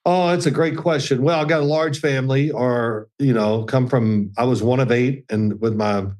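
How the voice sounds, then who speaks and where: A man's voice: mid-range voice, normal speed, a little mellow. An older man from Kentucky with a slight Southern accent, a former quarterback telling folksy stories as an interview guest. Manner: folksy storyteller, chuckling. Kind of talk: casual interview chat.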